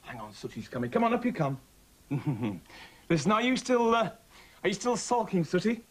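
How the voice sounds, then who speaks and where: A man hosts a children's comedy show in a fairly high, lively voice. He scolds and teases the puppets in a mock-stern, theatrical manner. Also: normal speed, husky. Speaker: children's TV host.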